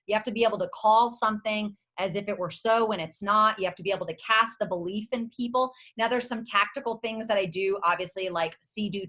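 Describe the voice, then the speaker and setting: A woman leading a motivational leadership call for her sales team, speaking with energy and emphasis and repeating her slogans, sometimes breaking into excited cheers. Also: medium pitch. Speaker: network marketing team leader. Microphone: video or conference call.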